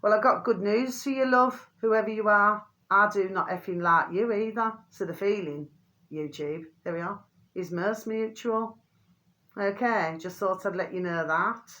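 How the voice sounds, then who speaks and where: A woman's voice: unhurried, pushed and bright. A woman ranting in a rambling vlog monologue, calling her viewers pet names and swearing mildly. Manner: rambling, keeps calling viewers "my delicious little babies"; mild euphemistic swearing, pitch climbs when indignant. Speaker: channel host.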